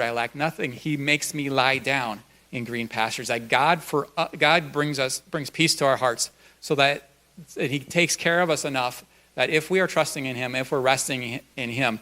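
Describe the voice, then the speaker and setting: Male pastor, mid-range voice, relaxed conversational sermon with lots of filler words. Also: medium pitch. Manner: conversational and folksy, frequent um and uh. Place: church.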